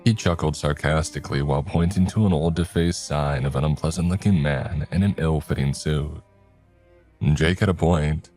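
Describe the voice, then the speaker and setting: A man reading a horror story aloud in a steady first-person narration. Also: a bass voice, normal speed. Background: faint music.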